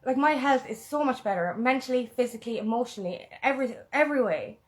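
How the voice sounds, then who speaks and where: Woman, fairly high voice, empowerment coach, heartfelt motivational vlog, repeats a mantra, emotional. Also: fast talker. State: emotional, close to tears.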